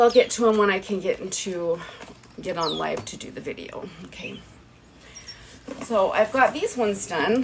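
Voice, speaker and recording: A woman in a casual livestream shows off her products one by one. Her voice is firm and a little stern, sitting in an ordinary middle pitch. She rambles on, tagging "right?" onto her points, with faint room noise behind her. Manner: rambling, chatty, keeps asking "right?". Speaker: TikTok live seller. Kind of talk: casual live product showcase. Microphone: phone livestream.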